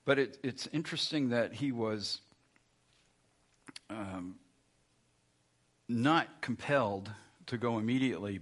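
A man's voice: fairly low pitch, a bit bright, husky. A man preaching a sermon in a conversational way, often restarting his sentences and adding asides. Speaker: pastor.

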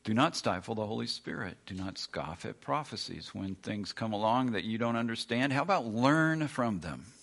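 Man, pastor, sermon, bright forceful tone, emphatic, repeats lines for effect. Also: fairly low pitch, lively intonation, normal speed, vocal fry, hardly any pauses. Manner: emphatic, repeats lines, acts out complaining listeners.

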